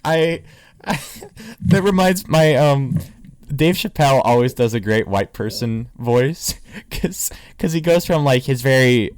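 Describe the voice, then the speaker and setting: A man's voice: mid-range voice, expressive, unhurried, darkish tone, dry recording, clean studio sound. A young man co-hosting a podcast, telling stories in casual chat and laughing often. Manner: laughs often, rambling storytelling. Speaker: podcast co-host.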